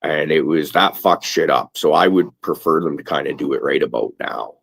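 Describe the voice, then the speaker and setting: Deep-voiced man ranting, profane. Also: moderate pace, vocal fry, husky. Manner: profane, rambling, animated rants. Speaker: podcast host. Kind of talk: casual stoner chat.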